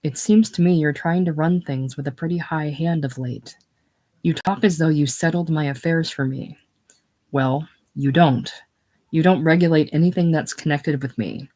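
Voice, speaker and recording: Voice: medium pitch, darkish tone, close to an everyday voice. A reader voicing a curt, resentful businessman husband in an audiobook, close to the narrating voice. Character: irritated middle-aged businessman husband. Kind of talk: audiobook character reading.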